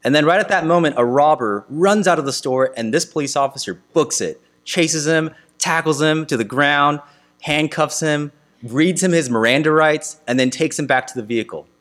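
A man preaching a sermon to his congregation, asking earnest rhetorical questions with emphatic pauses. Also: on the high side, fairly bright tone. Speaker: pastor.

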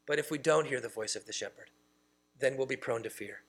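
Guy pastor preaching, pretty high bright voice, punches some words then drops real quiet. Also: fast talker. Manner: emphatic, shifts between loud stresses and quiet asides. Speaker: pastor and church planter. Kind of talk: sermon.

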